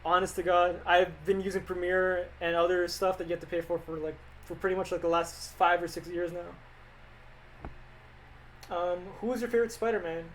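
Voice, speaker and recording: A man's voice: high voice, fairly even intonation, moderate pace, slight background noise, rough recording. A young man streaming live as an animator, answering viewer questions in an offhand, rambling, joking way. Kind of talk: casual livestream chat answering viewer questions.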